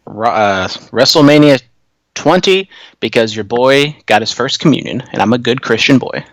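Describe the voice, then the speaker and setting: A man's voice: mid-range voice, animated, normal speed, a bit bright, dry recording, low-quality recording. Loose, rambling podcast co-host man. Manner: loose, tangent-prone, lots of fillers. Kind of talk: casual podcast chat.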